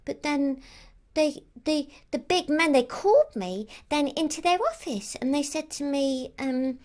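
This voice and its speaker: A woman's voice: sits high, expressive, unhurried, a little mellow. A woman playing a childlike female Christmas elf who rambles on with lots of "like" and "um". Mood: rambling. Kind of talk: character monologue to camera.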